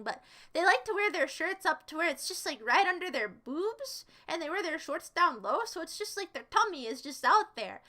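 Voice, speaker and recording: A woman's voice: high-pitched, sharp tone. A young woman streaming and chatting casually, playful and teasing with her viewers. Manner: playful, teasing, jokey asides. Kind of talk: casual chat with live chat.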